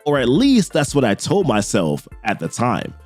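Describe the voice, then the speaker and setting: A man's voice: mid-range voice, moderate pace, faint music behind. A man casually retelling a comic book story, reading characters' quotes with his own asides. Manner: animated retelling, reads quotes with little asides. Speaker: comic book recap narrator.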